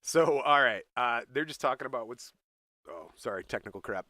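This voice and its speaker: A man co-hosting a casual podcast, telling a story with lively put-on voices. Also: mid-range voice, moderate pace. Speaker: podcast co-host. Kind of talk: casual chat.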